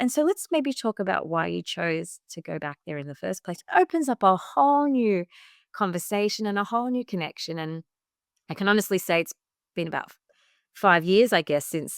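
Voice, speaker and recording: A woman's voice: mid-range voice, no room sound. Woman, health coach guest on a podcast; earnest storyteller, mid-range voice, dry close mic. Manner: earnest, acts out her own past remarks in quotes; frequent "like" fillers. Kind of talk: personal storytelling in a podcast interview.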